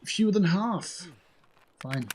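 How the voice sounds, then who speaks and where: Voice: mid-range voice, lively intonation, slow, darkish tone, a little hiss or hum. A game streamer, chatting casually and jokily to themselves while playing, with plenty of swearing. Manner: chatty, profane, jokey self-talk while looting. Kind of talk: casual gameplay commentary.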